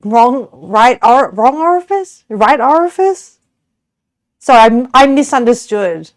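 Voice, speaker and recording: A woman's voice: fairly high pitch, expressive, slow pace, dry recording, studio quality. An Australian woman streamer chatting casually with her viewers while cooking, giggly and rambling, often correcting herself.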